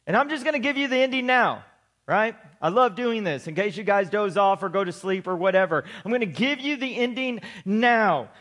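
A middle-aged man, a pastor, preaching a sermon, slowing down to stress his points and joking in chatty asides. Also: sits high, animated, a bit bright. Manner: preaching with slow emphatic build-ups, then chatty joking asides.

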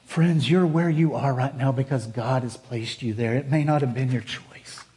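A middle-aged male pastor preaching a sermon, telling a personal story earnestly, rising to fervent and dropping to hushed. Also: mid-range voice, normal speed.

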